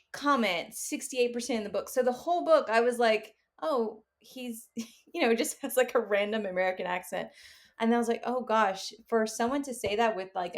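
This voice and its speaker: A woman co-hosting a podcast in casual book chat, laughing often as she talks. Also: a little high. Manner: laughs often while talking. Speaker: podcast co-host.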